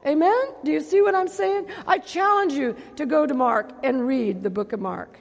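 Woman pastor, high voice, sermon, call-and-response amens, reverberant hall. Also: normal speed, vocal fry, few pauses. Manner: preaching with frequent call-outs for amen, swinging between loud and hushed.

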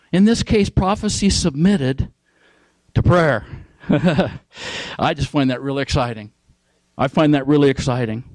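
A man's voice: on the high side, darkish tone, no echo, poor audio. A man preaching a sermon, emphatic, repeating key phrases and asking his listeners questions.

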